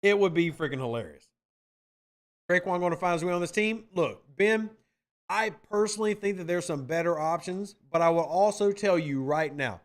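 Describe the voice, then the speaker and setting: A man hosting a casual livestream podcast, animated and playful, teasing viewers as he reads the chat aloud. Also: high-pitched, normal speed. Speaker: podcast host reading chat.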